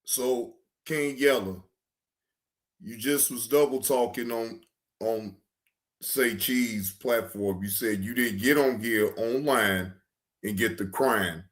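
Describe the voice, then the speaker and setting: A man's voice: mid-range voice, slow pace. A man hosting a reaction video, drawling and mocking, often laughing as he comments. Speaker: reaction channel host.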